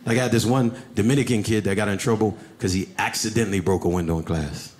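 A man doing stand-up comedy, telling stories and acting out characters with big jumps in pitch, on a comedy club stage. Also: fast talker, darkish tone.

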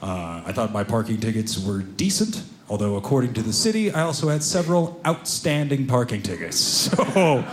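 A man performing a stand-up comedy routine, telling stories with animated delivery and acting out other people's voices. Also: mid-range voice, normal speed, few pauses, noisy background. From Seattle area.

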